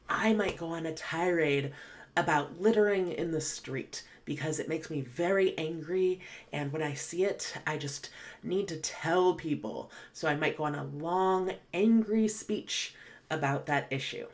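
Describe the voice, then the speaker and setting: A woman teaching English vocabulary, patiently explaining definitions and reading example sentences. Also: sits low. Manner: patient, clear, spells out definitions then reads example sentences.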